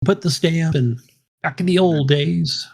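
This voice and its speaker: A man's voice: a little high, measured pace, vocal fry, slightly rough. Laid-back male podcast co-host. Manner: laid-back, easygoing, hesitant with fillers. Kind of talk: casual podcast chat.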